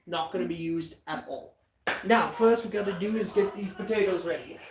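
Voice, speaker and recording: South African guy, cooking stream host, jokey and chatty, echoey kitchen with clear background noise. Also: sits high, normal speed. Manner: chatty, jokey, talks viewers through steps. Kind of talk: casual cooking livestream. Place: home kitchen.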